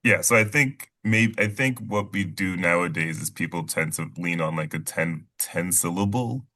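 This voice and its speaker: Guy with a really deep gravelly voice, kinda unsure, casual podcast chat. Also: normal speed, sharp tone. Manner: hesitant, tentative. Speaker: podcast co-host.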